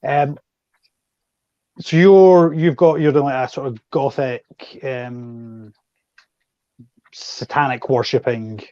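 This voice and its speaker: A man's voice: medium pitch, steady tone, slow pace, pauses often, dark tone, dry recording, dull audio. Joking Scottish man hosting a chat. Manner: joking, teasing banter. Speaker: host. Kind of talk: casual chat.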